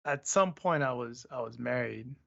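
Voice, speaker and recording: A man from Southern California co-hosting a casual chat podcast, excitable, laughing often and talking over his co-host. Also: mid-range voice, moderate pace, vocal fry, dull audio.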